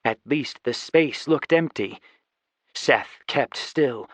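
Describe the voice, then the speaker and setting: A man narrating a fantasy audiobook in steady, scripted storytelling. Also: mid-range voice, slow, dry recording. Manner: even, steady storytelling with voiced dialogue. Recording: slightly dull, dry studio recording.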